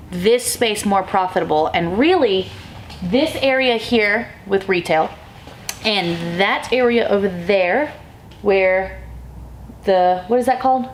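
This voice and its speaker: Woman vlog host, store co-owner, candid and rambling, recorded in-store, faint room noise. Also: on the high side. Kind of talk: casual vlog talk. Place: inside a small retail store.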